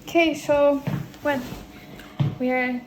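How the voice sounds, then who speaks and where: A woman's voice: high-pitched, fairly even intonation, slow pace, poor audio. A woman chatting casually on a road-trip travel vlog, loose and rambling, often trailing off and restarting her thoughts. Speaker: travel vlogger. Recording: outdoor recording with clear background noise.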